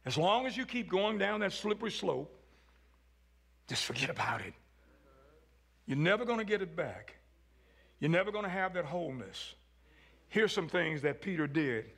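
A man preaching a sermon as pastor, swinging from hushed lines to shouts. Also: high-pitched, vocal fry, breathy edge.

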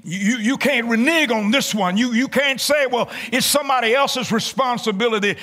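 A man preaching a sermon in church, emphatic, building to shouted lines and repeating his phrases. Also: very high voice, normal speed, few pauses.

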